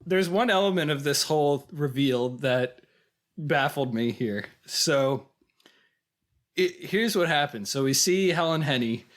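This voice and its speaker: A man's voice: a little high, lively intonation, unhurried. A man hosting a casual film podcast, giving wry, questioning commentary. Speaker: podcast host.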